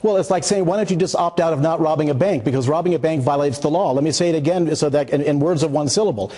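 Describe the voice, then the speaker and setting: Fast-talking combative man. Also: on the high side, dark tone, slightly rough. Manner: combative, rapid, talks over the host. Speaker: guest advocate. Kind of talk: heated cable news debate.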